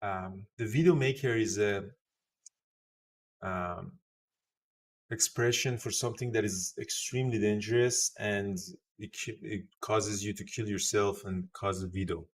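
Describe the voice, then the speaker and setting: A man hosting a live trading show, giving excitable market commentary and thinking aloud. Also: lowish voice, unhurried.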